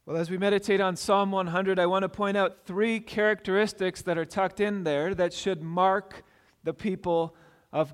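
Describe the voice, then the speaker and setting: A man's voice: sits high, big-room sound. A man preaching a sermon as pastor, earnest and repeating key phrases for emphasis.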